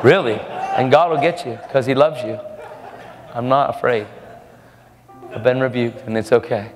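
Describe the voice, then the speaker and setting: A man's voice: mid-range voice, moderate pace, noisy background. A man preaching a storytelling sermon in an earnest, casual way, often repeating his words. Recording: echoey hall with faint music.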